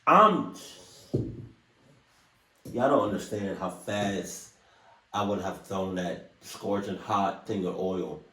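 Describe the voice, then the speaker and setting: Slow-talking man reacting, roomy distant sound. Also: sits low, bright, forceful tone. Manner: rambling, joking, trailing off mid-thought. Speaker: reaction video host. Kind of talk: casual reaction commentary.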